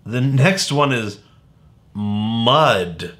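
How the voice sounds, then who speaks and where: A man's voice: mid-range voice, big pitch swings, very slow, long pauses, fairly bright tone. A man teaching young children phonics in a playful way, sounding out words letter by letter. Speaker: kindergarten teacher.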